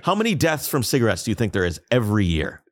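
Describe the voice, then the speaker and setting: A man's voice: on the low side, fast, a little hiss or hum. A man co-hosting a podcast, talking in an emphatic, opinionated way. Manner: animated, emphatic, ranting. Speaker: podcast co-host. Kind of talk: casual opinionated chat.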